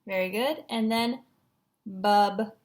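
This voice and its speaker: A woman's voice: medium pitch, measured pace. A woman teacher giving a patient, encouraging phonics lesson at a whiteboard, sounding out syllables.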